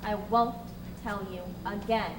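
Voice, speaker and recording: A woman's voice: medium pitch, fairly even intonation, a little slow, close to an everyday voice. A woman playing a cold, menacing ship officer. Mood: cold, commanding. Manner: cold, clipped commands. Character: cold, menacing male naval master-at-arms. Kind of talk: live college stage play. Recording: roomy stage, distant mic, noise.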